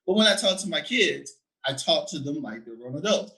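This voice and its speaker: A man in his thirties talking in an animated, chatty way, laughing and checking in often with his listener. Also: a little high, fairly quick, hardly any pauses, rough recording. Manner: animated, laughing, frequent "right?" tags. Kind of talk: casual conversation.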